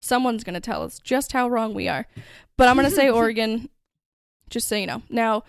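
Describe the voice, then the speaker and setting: A woman's voice: a little high, expressive, brisk, gravelly, clear, resonant tone, dry recording, clean studio sound. A woman hosting a true-crime podcast, telling the story in a chatty, conversational way. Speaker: podcast host.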